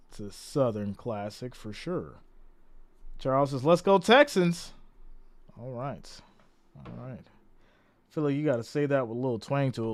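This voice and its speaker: A man's voice: medium pitch, no room sound. A man giving casual play-by-play on a live stream, reading and greeting viewer comments as he goes. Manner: chatty, reads out viewer comments and greets them.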